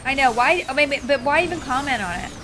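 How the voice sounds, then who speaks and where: A woman in her forties chatting excitedly while playing a game live, with loud exclamations. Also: high voice, fast, noisy background. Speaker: streamer. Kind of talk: live gameplay commentary.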